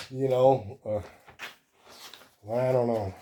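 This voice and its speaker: A man hosting a comic book show, chatting casually in a relaxed, rambling way with many fillers. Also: mid-range voice, slow pace, pauses often. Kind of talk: casual show-and-tell chat.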